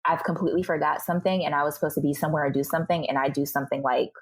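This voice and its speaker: Young woman guest on a podcast, husky low voice, animated, does little voices for other people. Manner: animated, acts out other people's remarks in quick bursts. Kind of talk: candid conversational storytelling.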